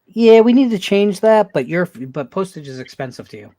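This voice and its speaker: A man's voice: sits high, very animated, moderate pace, mellow. A man with a New Jersey accent in casual podcast chat, blunt and wisecracking. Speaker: podcast guest.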